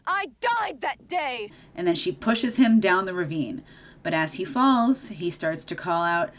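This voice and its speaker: A woman giving a casual movie recap while doing her makeup, chatty and opinionated, with sarcastic asides. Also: on the low side. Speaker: video creator.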